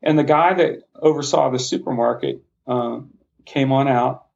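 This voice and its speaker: Middle-aged man, passionate, heartfelt, halting, fry in the voice, dull lo-fi audio. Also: medium pitch, fairly even intonation, darkish tone. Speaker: podcast guest. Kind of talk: earnest personal storytelling. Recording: slightly muffled lo-fi sound.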